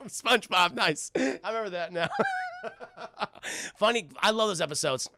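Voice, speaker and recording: A man's voice: high-pitched, animated, measured pace, creaky, pushed and bright. A man streaming a casual cartoon recap, swearing freely and talking to his chat. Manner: profane, keeps addressing chat.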